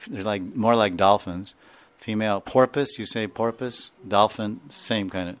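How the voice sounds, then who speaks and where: A man's voice: fairly low pitch, fairly even intonation, unhurried. A man giving a devotional lecture, digressive and prone to laughing, who acts out sounds as he goes. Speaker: spiritual teacher.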